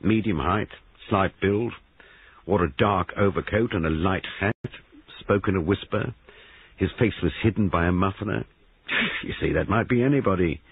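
A man voicing a brisk, persistent police sergeant investigating a murder in a storybook reading. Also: low-pitched, husky, no room sound, pitched above the performer's own voice, full character voice. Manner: persistent and formal. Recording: tinny band-limited recording.

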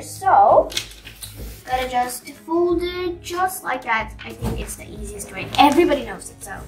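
Casual home craft presenter: a woman with a high voice and an easy, slow delivery, playful and chatty. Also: far from the mic, poor audio. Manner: chatty, playful, jokey asides. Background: background music.

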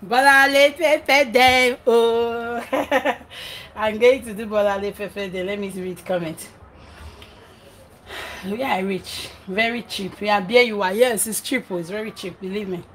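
A woman's voice: medium pitch, fairly even intonation, a little slow, a little hiss or hum, rough recording. A middle-aged Nigerian woman chatting on a cooking livestream, reading comments aloud and scolding her children between remarks. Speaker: vlogger and mother. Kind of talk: casual cooking livestream chat.

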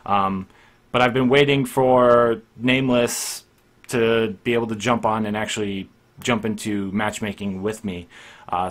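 A young man hosting a gaming podcast, recapping his week in a relaxed, easygoing way. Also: lowish voice, measured pace. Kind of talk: casual gaming chat.

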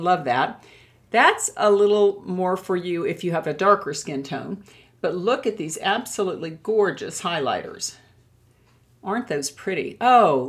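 An older woman chatting to camera as a beauty vlogger, gushing as she reviews products she loves. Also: lowish voice. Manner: warm and gushing, with many admiring exclamations.

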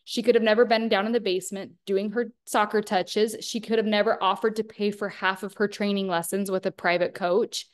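A woman in her thirties leads a workshop, coaching a small group with an earnest motivational talk and putting questions to them. Her voice sits at medium pitch with a steady tone, and she speaks briskly with few pauses.

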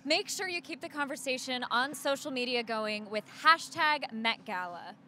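A woman's voice: high-pitched, moderate pace, pushed and bright, slight background noise. A woman co-hosting a livestream, reading viewer comments with an upbeat presenter delivery. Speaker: livestream co-host.

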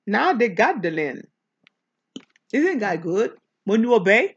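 Woman pastor, unhurried Bible teaching, bright lively delivery, muffled lo-fi sound. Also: medium pitch, breathy edge. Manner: animated preaching, talks back to the text.

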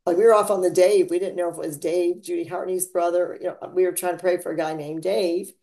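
A chatty woman hosting a relaxed faith talk, her voice low and mellow. She rambles and laughs as she goes, with sudden theatrical jumps in pitch and loudness. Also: fast talker, creaky, a little hiss or hum. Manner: dramatic swings in pitch and volume. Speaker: podcast host. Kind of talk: casual faith chat.

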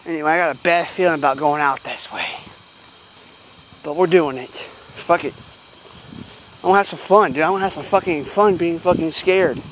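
A man's voice: fairly high pitch, moderate pace, pauses often, slight background noise. A frightened man filming himself on a phone outdoors in rural fields at night, swearing and talking nervously to himself. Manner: heavy swearing, nervous self-talk. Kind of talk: handheld night-walk vlog.

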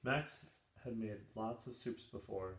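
A man reading a children's picture book aloud in an expressive, lively storytelling manner. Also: fairly low pitch, measured pace. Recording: roomy echo.

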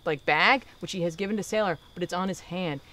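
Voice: mid-range voice, fairly quick, sharp tone. A podcast host gives a casual recap of a comic book. The host tells the story with animation and drops into the characters' lines along the way.

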